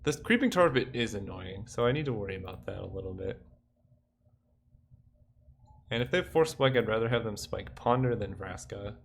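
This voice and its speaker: A man's voice: on the low side, animated, normal speed, gravelly, pauses often, slight background noise. A young man giving casual commentary while playing a digital card game, thinking aloud and counting under his breath.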